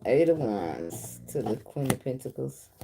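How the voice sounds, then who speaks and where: A woman's voice: a bass voice, big pitch swings, unhurried, vocal fry, noisy background. A woman, giving a casual, blunt tarot reading full of swearing and chatter to the cards. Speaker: tarot reader.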